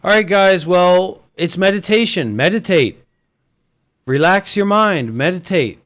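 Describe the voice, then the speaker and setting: A man's voice: high voice, lively intonation, unhurried, fairly bright tone. A man hosting an online voice chat stage, talking casually, crude and swearing, trading insults.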